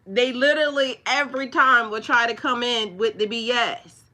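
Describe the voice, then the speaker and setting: A woman hosting a spiritual livestream uses a fairly high, bright voice with a steady, forceful tone and a moderate pace. She wanders chattily through her talk with frequent fillers, speaking right to her viewers and scornfully ridiculing trolls.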